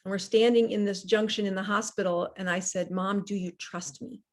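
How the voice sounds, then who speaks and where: A middle-aged woman physician telling stories in an interview, earnest and reflective, with restarts and the odd soft laugh. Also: mid-range voice, steady tone, a little fast. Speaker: physician guest. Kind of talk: casual interview storytelling.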